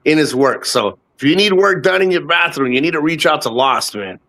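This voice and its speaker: A man's voice: fairly high pitch, expressive, fairly quick, sharp tone. A man in his fifties from the United States, a guest on a casual live chat, talks in a rambling, profane way and often repeats himself. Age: 50s.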